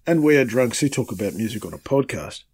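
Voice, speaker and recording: A man's voice: mid-range voice, expressive, fast talker, darkish tone, husky. A man co-hosting a music podcast, chatting casually with sardonic, profane asides. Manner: sardonic, swears freely. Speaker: podcast co-host. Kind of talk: casual chat.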